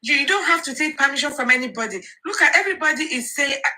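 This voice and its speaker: Nigerian woman, earnest encouraging tone, fairly high, very bright voice. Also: lively intonation, fast talker, rough recording. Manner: earnest, encouraging, repeats herself, mixes pidgin and Yoruba. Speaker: social media commentator. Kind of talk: casual live audio chat.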